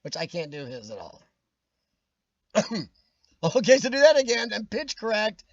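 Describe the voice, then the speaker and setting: A man's voice: sits high, wildly swooping pitch, normal speed, no echo, dull audio. A man hosting a casual livestream chat with a worn, nasal voice that sometimes cracks, jokey and rambling with frequent laughs. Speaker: livestream host. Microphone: webcam.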